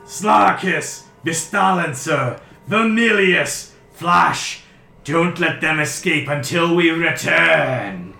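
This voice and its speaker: A man with a fairly low voice narrates a tabletop game as its game master. He describes the scene in a descriptive, unhurried way and drops filler words. The room sounds roomy and echoey, with faint music behind him. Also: a bit bright.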